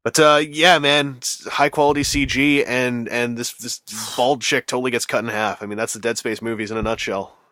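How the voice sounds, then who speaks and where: A man's voice: mid-range voice, steady tone, normal speed, few pauses, pushed and bright, no room sound. A man hosting a casual podcast chat, rambling and self-mocking with dry sarcasm. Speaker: podcast host.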